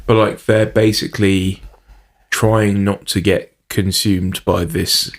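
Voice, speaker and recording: A man's voice: on the low side, little pitch movement, slow. A man co-hosting a podcast in casual chat, rambling with lots of fillers and laughing often. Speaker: podcast co-host.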